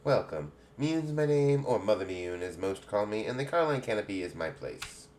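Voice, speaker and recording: A man's voice: lowish voice, animated, moderate pace, darkish tone, voice pushed up, close to an everyday voice. A man voicing a stately, motherly woman who heads an adventurers' guild, in a put-on English accent and grand, old-fashioned speech while reading game dialogue aloud.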